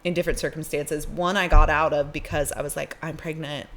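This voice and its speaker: A woman co-hosting a podcast, telling a story in a casual, animated way and acting out the people in it. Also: low-pitched, fairly quick. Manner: animated, acts out voices in her stories. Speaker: podcast co-host.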